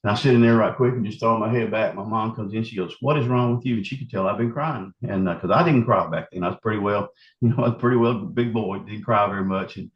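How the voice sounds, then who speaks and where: Guy telling his story, lowish voice, kinda muffled roomy audio, lots of restarts. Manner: halting, vivid retelling with many restarts. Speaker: eyewitness recounting an encounter. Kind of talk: storytelling interview.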